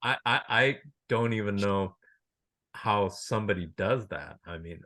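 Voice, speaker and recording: A man's voice: fairly low pitch, measured pace, sharp tone, no echo. A man hosting an interview, effusive in his praise and repeating words as he starts his sentences. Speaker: host. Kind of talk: casual interview talk.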